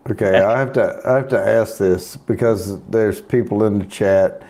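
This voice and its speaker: A man in a casual group chat, talking slowly and hesitantly, stopping and restarting as he tells a joke. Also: on the low side, a little mellow. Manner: slow, hesitant, stops and restarts with fillers. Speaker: chat participant.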